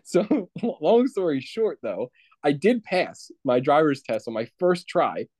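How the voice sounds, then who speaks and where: A man's voice: a little high, very animated, slow pace, a little mellow, no room sound. A young man in casual chat, rambling through a story and laughing often as he talks.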